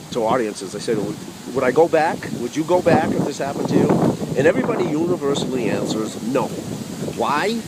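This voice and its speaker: A man's voice: medium pitch, noisy background. A man telling a humorous personal story with wry asides to the audience.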